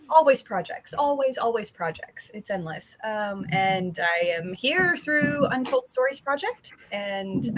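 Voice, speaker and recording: Slow-talking woman introducing herself. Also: on the high side, pushed and bright. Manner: bubbly, rambling, laughs often. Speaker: guest player. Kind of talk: casual livestream introduction.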